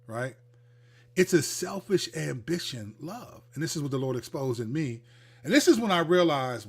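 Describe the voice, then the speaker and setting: A man hosting a livestreamed Christian teaching talk, speaking in an animated, conversational way and acting out the people he quotes. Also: on the high side, moderate pace, slightly rough. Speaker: host, Christian counselor.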